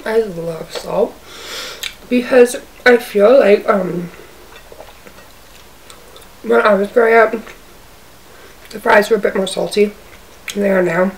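A woman's voice: mid-range voice, takes it slowly, vocal fry, pauses often. Woman doing a mukbang at home, lots of "like", far from the mic, bit of hiss. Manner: chatty, fills speech with "like". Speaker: mukbang vlogger. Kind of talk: casual chat while eating. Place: apartment, by her bed. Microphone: camera's own mic, zoomed out. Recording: distant camera mic, faint hiss.

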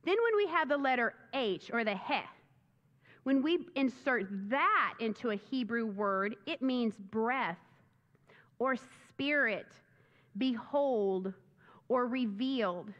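Woman pastor preaching, high voice, slow and excited, echoey dull church sound. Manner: animated, enthusiastic preaching with rising exclamations. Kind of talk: sermon. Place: church sanctuary.

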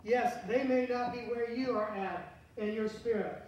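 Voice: mid-range voice, fairly even intonation, unhurried, a little mellow. A pastor giving a conversational sermon, asking the congregation questions as he goes. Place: church sanctuary. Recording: very echoey church from far off, faint hiss.

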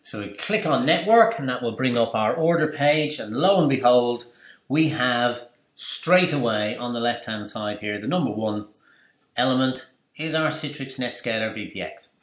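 A man presenting a screen-recorded software tutorial, chatty and explanatory, asking and answering his own questions. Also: medium pitch, expressive, moderate pace. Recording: roomy echo.

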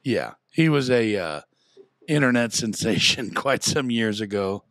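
A man's voice: lowish voice, lively intonation, unhurried, fairly bright tone, dry recording, clean studio sound. A man co-hosting a podcast, chatting casually, laughing easily and quoting songs. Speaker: podcast co-host. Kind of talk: casual chat.

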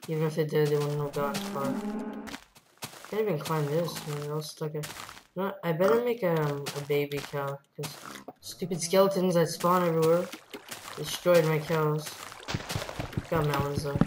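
A woman giving casual let's-play commentary, rambling along and bursting into excited yelps. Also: deep voice, moderate pace, pauses often. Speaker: gameplay commentator. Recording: noisy home computer mic.

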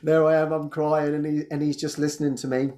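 A man, hosting and telling a personal testimony in an animated way, laughing often and restarting his sentences. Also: fairly high pitch, brisk. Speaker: host.

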